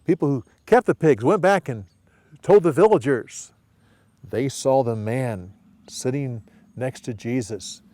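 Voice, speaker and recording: A man walks listeners through a Bible story at an unhurried pace and repeats each part so they can follow with hand motions. He acts out the quoted lines briefly, and his voice sits in a middle pitch. The sound is close and dry. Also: dry recording. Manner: repetitive, steady, acts out short quotes.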